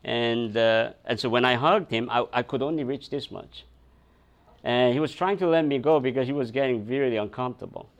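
A man's voice: mid-range voice, a little fast, dull audio. A man preaching a sermon, telling a personal story with many fillers, restarts and laughs. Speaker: pastor.

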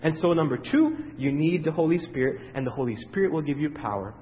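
A man preaches a sermon in a slightly high voice, quizzing his listeners with questions they answer back. He swings between loud, emphatic peaks and quiet, low stretches. The sound is dull and muffled, with a long echo from a large hall. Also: expressive. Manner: asks the audience questions and pauses for their answers.

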